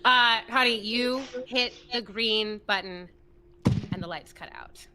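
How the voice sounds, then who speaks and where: Bright, animated woman running the game. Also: mid-range voice, slow. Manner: animated, rambling, laughs often. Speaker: game master. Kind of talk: narrating a tabletop game.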